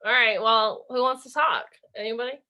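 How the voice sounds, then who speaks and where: A woman on a team video call tells a funny story, acting out every quote with gusto. Her voice is high and very bright, and it bounces around as she talks. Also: moderate pace. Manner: animated storyteller, acts out quotes. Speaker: team member on a group call. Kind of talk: casual chat on a video call.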